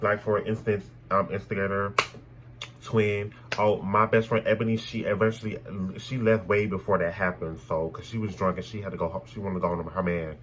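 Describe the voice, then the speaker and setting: A young man telling a personal story in a casual, animated way, blunt and full of swearing. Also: low voice, slight background noise, poor audio. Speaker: storytime vlogger.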